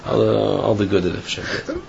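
A man delivers an informal sermon, telling a parable in a halting way full of fillers and restarts, and he raises his pitch when he acts out the characters. His voice has a gravelly edge. The recording is dull and lo-fi, with a faint hum of noise behind him. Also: a little mellow. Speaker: rabbi giving a talk.

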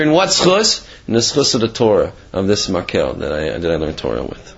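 A man's voice: medium pitch, very animated, a little fast, husky, dull audio. A man teaching a Torah class in a rambling, conversational way, full of fillers and restarts. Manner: rambling, conversational, with many fillers and Hebrew terms. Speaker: religious teacher.

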